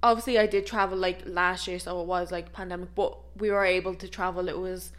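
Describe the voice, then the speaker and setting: A woman's voice: fairly low pitch, flat delivery, brisk. Young Irish woman in casual chat. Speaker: podcast co-host.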